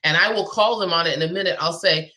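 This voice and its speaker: Woman, business coach, emphatic and persuasive, slightly low voice, live video-call interview. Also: fast, bright, forceful tone. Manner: emphatic, persuasive, repeats key phrases.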